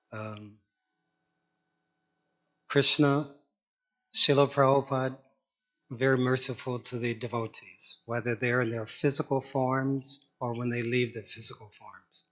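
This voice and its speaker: At a memorial, a man with a mid-range, slightly bright voice shares anecdotes as a eulogy. He chuckles along and apologizes for the time he's taking.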